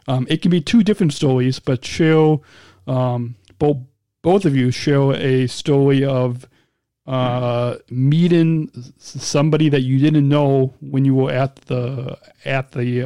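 A man hosting an interview podcast, speaking in a halting way with many restarts and repeated words. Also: medium pitch, gravelly, warm tone, dry recording, studio quality. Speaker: podcast host. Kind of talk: casual interview.

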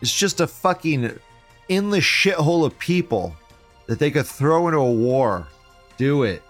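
A man's voice: on the high side, expressive, unhurried, soft background music. A man hosting a live show, reading chat aloud and ranting in a profane, sarcastic way. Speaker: livestream show host.

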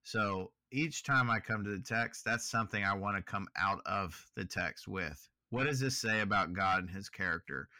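A man's voice: on the low side, moderate pace, hardly any pauses, bright, forceful tone, no echo. A man co-hosting a podcast, talking through Bible study in an easygoing, reflective way. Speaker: podcast co-host. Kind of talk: casual Bible study chat.

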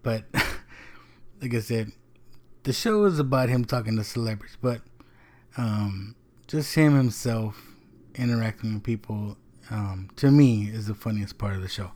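A man's voice: lowish voice, measured pace, long pauses, a little mellow. A man hosting his own podcast, talking casually with lots of ums and casual swearing. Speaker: podcast host. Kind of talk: casual solo podcast talk.

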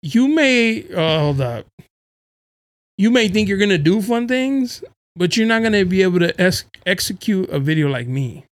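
A man's voice: sits high, very animated, moderate pace, no echo. A man hosting a podcast, chatting casually and teasing with frequent laughs. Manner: joking, playful teasing, laughs often. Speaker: podcast host. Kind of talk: casual chat.

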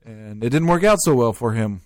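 A man with a mid-range voice co-hosts a relaxed podcast. He states his opinions flatly and bluntly. The recording is dry and close. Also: medium pitch, brisk, dry recording. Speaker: podcast co-host. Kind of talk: casual chat.

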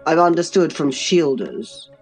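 A woman's voice: sits low, big pitch swings, unhurried, a little mellow, soft background music, full character voice. A woman reading aloud, voicing a pompous, self-righteous old male magistrate.

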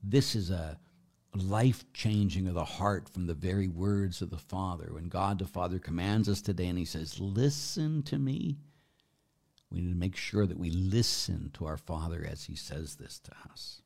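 Deep-voiced priest, middle-aged man, live-stream Q&A, chatty and rambling, lots of fillers. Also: fairly even intonation, moderate pace, vocal fry. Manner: warm, rambling, self-deprecating, with frequent fillers. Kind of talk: live-stream Q&A, reading chat comments.

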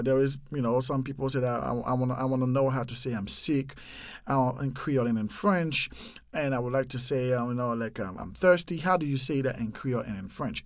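A man hosting a podcast lesson, casually teaching phrases and repeating them slowly with fillers. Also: a little high, no echo, clean studio sound. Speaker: podcast host teaching languages.

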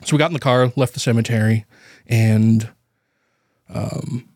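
A man co-hosting a podcast, telling a personal story in casual chat, halting with fillers and nervous laughs, grief close to the surface. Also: medium pitch, fairly even intonation, a little mellow, no echo. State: grieving, voice near tears. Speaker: podcast co-host.

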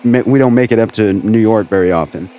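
A man's voice: on the low side, quick pace. Bantering male podcast host. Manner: bantering, plays along deadpan. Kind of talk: casual comedic chat.

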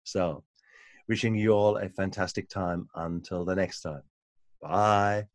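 Male podcast host, low voice, halting and repetitive, dry close sound. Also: steady tone, no echo. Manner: halting, repeats words, warm encouraging fillers. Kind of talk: casual interview.

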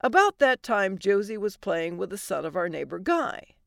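A woman's voice: medium pitch, sing-song, moderate pace, vocal fry, fairly bright tone, no echo. A woman hosting a storytelling podcast, narrating a comic story in a wry, dry manner.

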